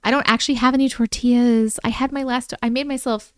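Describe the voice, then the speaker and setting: A woman hosting a casual livestream, excitable and quick to exclaim at viewers' comments. Her voice sits a little high and comes through smooth and resonant. The sound is close and dry, with no room around it. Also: no room sound. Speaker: livestream host reading viewer stories.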